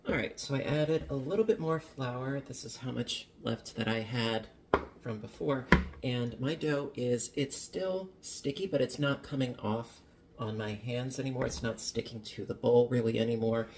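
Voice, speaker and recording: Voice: medium pitch, moderate pace, noisy background. A home baker chatting casually in a kitchen while demonstrating a recipe, playful and full of jokey asides. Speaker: home baking vlogger.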